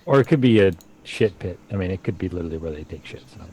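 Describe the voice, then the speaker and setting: A man's voice: low-pitched, lively intonation, fast talker, a little mellow, rough recording. A man playing a tabletop game, teasing the others with crude jokes. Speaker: player. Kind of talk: casual tabletop play.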